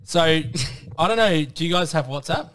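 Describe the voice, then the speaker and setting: A man's voice: a little high, expressive, normal speed, a bit bright, smooth, dry recording, far from the mic. A man, co-hosting a casual podcast and reading out messages in a playful, mocking way. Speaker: podcast co-host.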